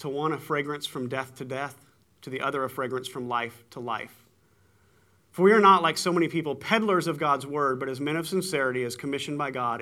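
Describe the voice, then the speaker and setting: A man preaching a sermon, telling stories with animated swings in voice. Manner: animated storytelling, acts out shouting with big jumps in pitch. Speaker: pastor.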